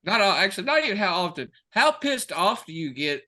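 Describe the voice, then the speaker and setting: A man co-hosting a podcast, cracking crude jokes and swearing freely. His voice is pitched fairly high for a man and has a bright, forceful edge. He keeps the banter lively. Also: a little fast. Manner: joking, profane, lively. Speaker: podcast co-host. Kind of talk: casual chat.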